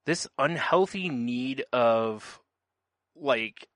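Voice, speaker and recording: Laid-back podcast co-host, dry sound. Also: male voice, mid-range voice, normal speed, a bit bright, no room sound. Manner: laid-back storytelling, laughs often. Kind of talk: casual chat.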